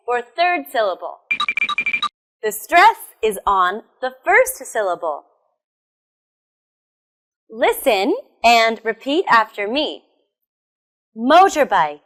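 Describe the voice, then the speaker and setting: An American woman teaching English pronunciation, enunciating words slowly and carefully and encouraging learners with questions. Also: a little high, fairly bright tone. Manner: slow, careful enunciation with repetition. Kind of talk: pronunciation lesson.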